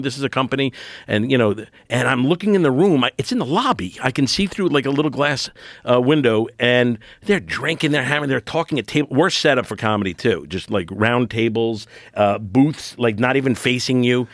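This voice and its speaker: A man's voice: medium pitch, fairly quick, no echo, clean studio sound. Man telling a rambling comedy-gig story. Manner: rambling, self-interrupting, animated retelling. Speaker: comedian guest. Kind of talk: casual podcast storytelling.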